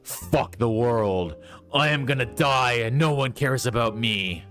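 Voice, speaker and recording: A man voicing a brooding, angry teenage male hedgehog who talks slowly and sullenly. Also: mid-range voice, fairly bright tone, faint music behind, pitched above the performer's own voice, close to an everyday voice. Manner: sullen, slow and sneering.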